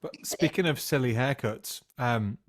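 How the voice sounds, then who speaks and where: A man's voice: medium pitch, a little slow. Self-mocking man telling stories. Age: 30s. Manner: self-mocking anecdotes, laughs often. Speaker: podcast host and music teacher. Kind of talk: casual chat.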